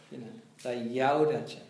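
A man telling old stories in a casual chat, lively and acting out what others said. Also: mid-range voice. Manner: animated storyteller, acts out quotes, many fillers. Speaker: devotee recalling past. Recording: echoey room, faint noise.

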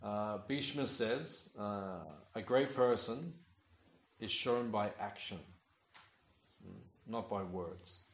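A man's voice: lowish voice, slow pace, reverberant. A tired man teaching a scripture class, reading verses aloud and then explaining them in a chatty way, often with "uh" and "right?". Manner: frequent "uh" and "right?" checks with listeners.

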